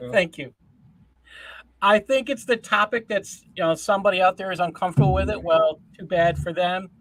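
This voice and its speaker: Male host, fairly high voice, dry close sound, earnest and deliberate scripture reading. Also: a bit bright, dry recording. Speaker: host of a Christian news show.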